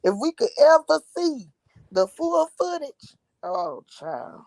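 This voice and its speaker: Gravelly-voiced woman chiming in. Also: high voice, slow, crowd noise, poor audio. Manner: animated, chiming in with agreement and asides. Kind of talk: casual chat.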